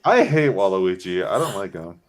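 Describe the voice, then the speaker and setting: Guy guest on a call, fairly low voice, blunt opinions, chatty. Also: sing-song, normal speed, background noise. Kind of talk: casual chat.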